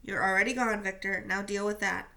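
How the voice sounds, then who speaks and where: Brisk caring coach, voiced by a woman reader, bright, firm, no-nonsense. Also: medium pitch, steady tone, vocal fry. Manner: firm, matter-of-fact instructions.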